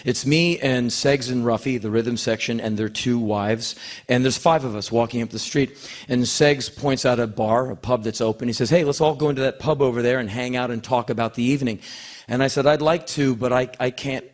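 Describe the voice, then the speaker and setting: A man's voice: mid-range voice, a little fast. A man telling a long personal story on stage, acting out the voices of the people in it and often stumbling over his words. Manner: animated, acts out quoted voices; rambling, repeats words when emotional. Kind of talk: spoken word storytelling.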